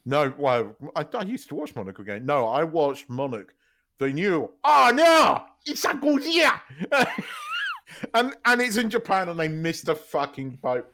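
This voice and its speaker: A man co-hosting a casual podcast who tells stories with big laughs and plenty of swearing. His pitch swoops and bounces as he talks. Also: moderate pace. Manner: animated storyteller, swears freely, laughs loudly mid-story. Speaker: podcast co-host. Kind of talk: casual chat.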